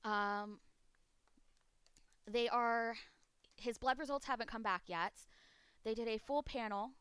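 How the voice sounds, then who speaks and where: A young woman talks to her stream chat from home, her voice smooth and resonant even as she fights back tears. She rambles through the update with many ums and sighs. The sound is close and dry, with no room around it. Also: fairly high pitch, slow, no echo.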